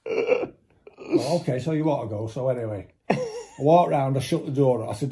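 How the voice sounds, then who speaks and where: A man's voice: mid-range voice, normal speed, mellow, slight background noise. A man telling a long anecdote in casual chat, swearing freely and acting out what others said. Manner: swears freely, mimics voices in quotes. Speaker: storyteller.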